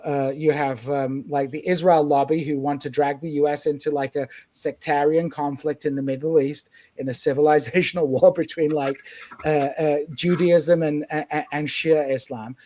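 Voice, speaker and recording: A man hosting a casual political discussion podcast, talking in animated, opinionated bursts. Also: a little high, moderate pace. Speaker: podcast host.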